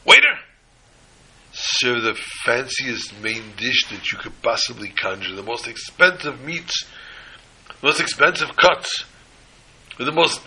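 A man voicing an arrogant rich man who shouts orders and insults in a raised voice. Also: slightly rough, exaggerated voice, rough recording. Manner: shouting, high-pitched, ranting.

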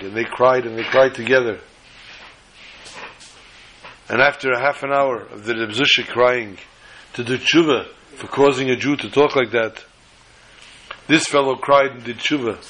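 Animated male storyteller, bright forceful voice. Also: medium pitch, moderate pace, long pauses, slight background noise, low-quality recording. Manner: animated, dramatic storytelling with repetition. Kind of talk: storytelling lesson.

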